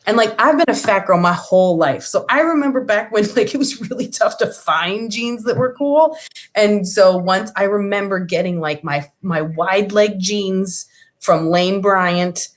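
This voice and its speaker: A woman guest in a casual remote chat, telling stories in a lively, chatty way. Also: medium pitch, a little slow. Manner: chatty, animated storyteller. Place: home, remote video call.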